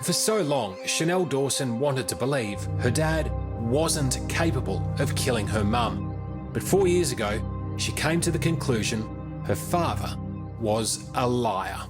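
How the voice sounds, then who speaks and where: An Australian man narrating a news feature, his pitch rising and falling with lively inflection. He reads a measured, grave script, with loud music underneath. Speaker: reporter narrating a current affairs story. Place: voice-over studio. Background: loud music bed.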